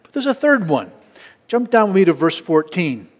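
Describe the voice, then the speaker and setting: High-voiced preacher guy, sermon in a big echoing church hall, acts out haggling at the market. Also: big pitch swings, normal speed. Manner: mixes English with local Filipino phrases, acts out market haggling. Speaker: pastor.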